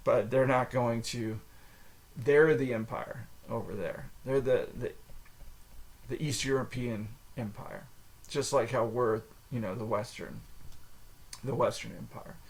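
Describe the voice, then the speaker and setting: American guy rambling on his podcast, lots of ums and restarts, mid pitch. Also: steady tone, slow pace, pauses often. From United States. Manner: rambling, filler-heavy, frequent restarts. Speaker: podcast host. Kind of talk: casual solo monologue.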